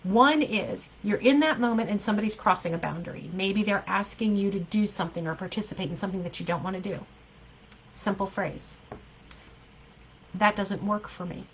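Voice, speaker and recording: A woman's voice: mid-range voice, fairly quick, lo-fi sound, slight background noise. Woman life coach, earnest group talk, emphatic and repetitive, mid-range voice. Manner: earnest, emphatic, repeats key phrases, laughs often.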